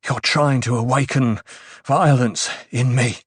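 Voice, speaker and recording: A placid, tightly controlled swordsman, as a male reader voices him in an audiobook, speaking low and evenly with strain underneath. The voice is a middle-pitched male voice recorded dry and close. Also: steady tone, unhurried, slightly rough, dry recording. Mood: tense. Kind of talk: audiobook character reading.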